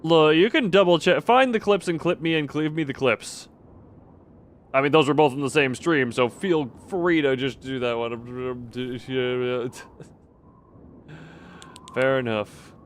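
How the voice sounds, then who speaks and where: A man's voice: medium pitch, fairly even intonation, unhurried, a little hiss or hum. A man streaming a horror game, giving rambling, jokey, self-mocking commentary as he plays. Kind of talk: casual gameplay commentary.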